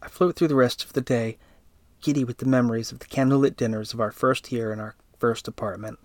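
A man reading a first-person story aloud in a steady, even narrating voice. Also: mid-range voice, a little fast, no room sound.

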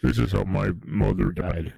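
A man's voice: deep voice, normal speed, creaky, warm tone, dry recording. A man co-hosting a comedy talk show, riffing on absurd improvised bits. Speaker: comedy podcast co-host. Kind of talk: absurdist comedy radio chat.

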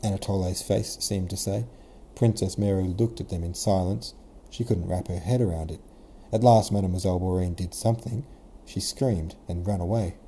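A podcast host and audiobook reader, a man with a low, warm voice, reads a classic novel aloud as a casual modern retelling from a script. He keeps a moderate pace with few pauses and now and then corrects himself. There is slight background noise.

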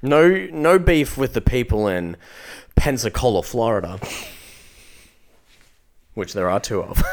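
A man's voice: medium pitch, wildly swooping pitch, slow, creaky, pauses often. A young Australian man co-hosting a podcast in casual, laid-back chat, full of swearing, laughter and fillers. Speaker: podcast co-host.

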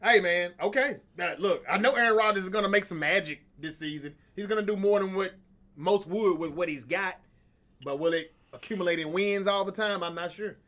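Co-host man, slightly high voice, cocky trash talker. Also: brisk, a bit bright. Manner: confident, boastful trash talk. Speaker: podcast co-host. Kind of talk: casual sports chat.

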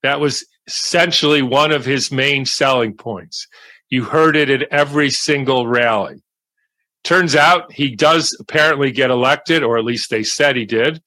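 Older guy, slow deliberate commentary, bright voice, dry close sound. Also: mid-range voice, no room sound. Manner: slow, deliberate, measured delivery. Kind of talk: monologue commentary.

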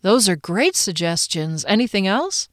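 A woman voicing a gentle young male bandmate who speaks softly and affectionately in an audiobook. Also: medium pitch, big pitch swings, measured pace, no room sound, clean studio sound. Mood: tender. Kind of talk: audiobook character voice.

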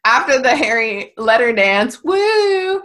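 A woman's voice: medium pitch, moderate pace, fairly bright tone. A woman co-hosting a podcast, chatting casually about a film, laughing often and swearing now and then. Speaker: podcast co-host.

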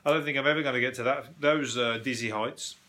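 A man's voice: mid-range voice, steady tone, fast talker, bright, forceful tone. A man hosting a casual news review, rambling, swearing and laughing as he goes. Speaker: podcast host.

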